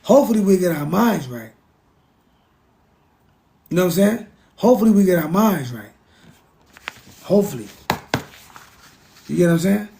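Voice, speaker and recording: Gravelly high-voiced man preaching emphatically. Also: lively intonation, moderate pace, pauses often, warm tone. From United States. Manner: emphatic, preachy, repetitive, profane. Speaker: vlogger. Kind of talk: casual monologue rant.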